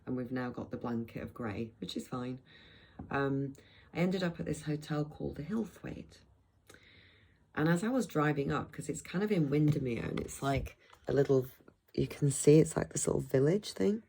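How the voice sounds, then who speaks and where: A woman's voice: very deep voice, normal speed, gravelly, dark tone, slight background noise, rough recording. A middle-aged woman from Blackpool, chatting in a loose, rambling vlog with frequent restarts and asides. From England, Blackpool. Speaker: vlogger. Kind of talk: rambling travel vlog chat.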